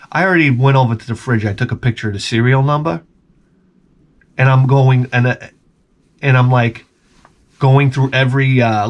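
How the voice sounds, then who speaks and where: A man telling a profane, exasperated story in casual vlog style. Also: mid-range voice. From Long Island, New York. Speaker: vlogger.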